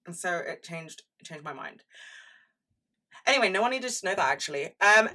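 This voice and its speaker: Bright-voiced chatty woman vlogger. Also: on the low side, far from the mic. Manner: chatty and dramatic, heavy swearing, frequent asides. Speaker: pop culture vlogger. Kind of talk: casual chat.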